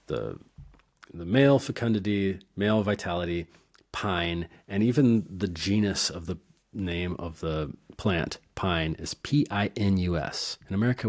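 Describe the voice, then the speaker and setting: Male podcast host, very low voice, loose and playful, chuckles at his own puns. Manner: rambling, playful, laughs at own wordplay. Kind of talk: casual educational monologue.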